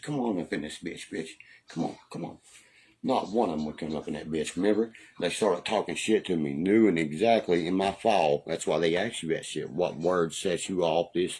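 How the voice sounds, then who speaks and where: A man chatting on a livestream, telling profane stories loudly and answering viewers' comments. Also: sits low, husky. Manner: profane, loud storytelling, reads and answers comments. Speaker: livestream host. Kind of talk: casual livestream chat, reminiscing. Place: home livestream.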